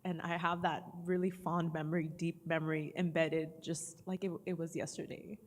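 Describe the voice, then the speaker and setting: A woman's voice: on the low side, flat delivery, normal speed, slight background noise. A woman, a parent, fondly recalling her child with rambling sentences and fillers. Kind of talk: personal testimony. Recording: reverberant room.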